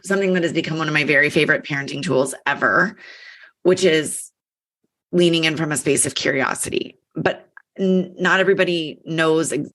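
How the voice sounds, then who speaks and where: A woman's voice: sits low, fairly quick, fairly bright tone. A woman hosting a podcast, chatty and self-deprecating as she sets up her questions. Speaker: podcast host. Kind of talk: casual interview.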